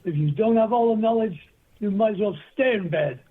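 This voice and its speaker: Older male guest, husky, anecdotal storyteller, phone-line sound. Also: sits high, fairly quick. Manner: rambling anecdotal storyteller, acts out quoted voices. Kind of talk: storytelling interview.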